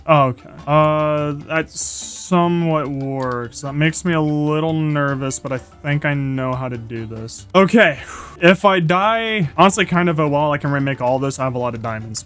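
Guy rambling thru his minecraft build, kinda high voice, gets jumpy and excited, music in the back. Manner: chatty self-talk, excitable, bursts of panic. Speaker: gaming YouTuber. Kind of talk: Minecraft gameplay commentary. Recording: background music under voice.

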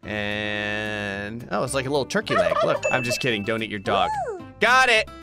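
A young man commentating a video game, excitable and joking, laughing often as he plays. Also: lowish voice, moderate pace, over loud music. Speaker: gaming YouTuber. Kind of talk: let's-play commentary.

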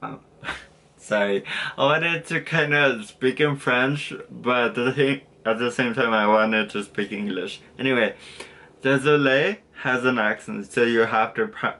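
A man's voice: mid-range voice, unhurried, bright, forceful tone. A young man casually teaching a basic lesson, rambling and correcting himself with lots of fillers and apologies. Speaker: language tutor.

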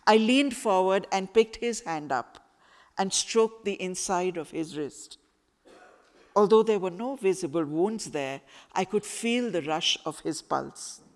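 A woman author reads her novel aloud, slowly and expressively, letting each phrase breathe. She is in a school hall, and a long reverb trails after her voice. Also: on the low side. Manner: slow, expressive storytelling.

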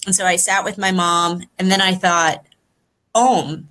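A woman on a video call telling a personal story, emotional and near tears, speaking softly with halting pauses. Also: on the low side, fairly even intonation, rough recording. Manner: soft, halting, pausing often. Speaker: guest.

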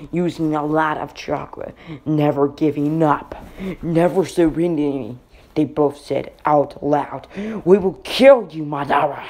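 Slow, gravelly young man telling a story. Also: on the high side, a little mellow. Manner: halting, rambling delivery with slips. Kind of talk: improvised fan-fiction narration.

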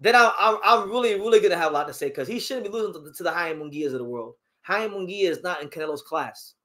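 A man's voice: a little high, a bit bright. Emphatic man ranting about boxing. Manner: emphatic, opinionated, repeats words when fired up. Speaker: boxing talk show host. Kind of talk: live-stream boxing commentary answering chat.

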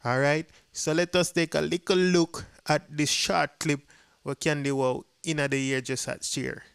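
Chatty Jamaican man, smooth voice. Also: a little high, fairly even intonation, measured pace, fairly bright tone, dry recording, clean studio sound. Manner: chatty, mixes patois and English. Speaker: dancehall gossip vlogger. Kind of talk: casual commentary to viewers.

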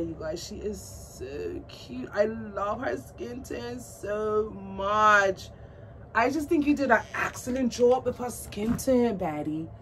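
A woman vlogging a doll unboxing, gushing and squealing with delight as she chats to her viewers. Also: medium pitch. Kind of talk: excited unboxing chat to camera. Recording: distant mic with faint background noise.

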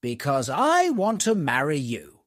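A man voicing an earnest young man in a storybook, read slowly and clearly. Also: a little high, wildly swooping pitch, fairly bright tone, no room sound, studio quality, heavily acted. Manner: slow, clear storybook reading. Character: young man, bold and devoted.

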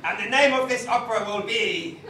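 A man's voice: sits high, brisk, pushed and bright, a little hiss or hum. Improv performer, man, mock-grand showman, faraway roomy stage sound. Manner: pompous mock-formal, playful. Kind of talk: improv comedy banter. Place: comedy club stage. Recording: echoey live club from far off.

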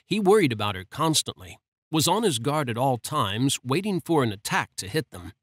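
A man narrating a romance audiobook in a steady, measured reading. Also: mid-range voice, no room sound.

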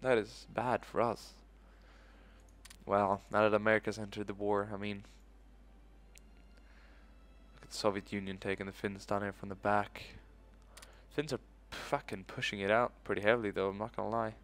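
Male gaming host, low-ish voice, casual let's-play talk, thinks aloud. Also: little pitch movement, a little fast, a bit bright. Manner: thinking aloud, loose and profane.

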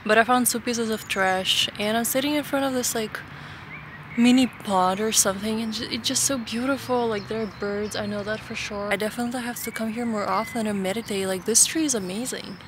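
A woman's voice: on the high side, steady tone, fairly quick. Woman vlogger, outdoors, ranting and chatty, noisy outdoor recording. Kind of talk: casual outdoor vlog. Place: outdoors in a park. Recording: outdoor noise. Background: birds and outdoor ambience.

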